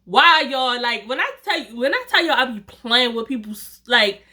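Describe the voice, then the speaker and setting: A young woman, chatting straight to her viewers in a playful storytime. Her voice sits a little high and comes across bright and forceful. She talks loosely and keeps cracking herself up. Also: expressive, normal speed. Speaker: storytime vlogger.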